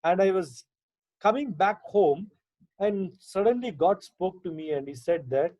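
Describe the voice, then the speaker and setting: A man's voice: high-pitched, animated, a little slow, darkish tone, no room sound. A man with an Indian English accent, a pastor giving Bible teaching as a personal testimony over a video call, talking conversationally with many fillers and repeats. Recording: dull lo-fi video call audio.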